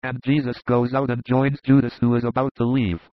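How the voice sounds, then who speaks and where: A man reading a scripted story narration in an even, level way. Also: mid-range voice, a little fast, no echo. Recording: dull, muffled sound.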